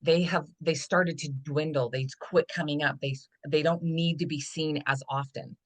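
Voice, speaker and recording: A woman guest on a podcast, a body trust coach, telling stories in a lively way and acting out what people said. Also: low-pitched, normal speed. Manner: animated storytelling, acting out dialogue. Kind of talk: casual podcast conversation.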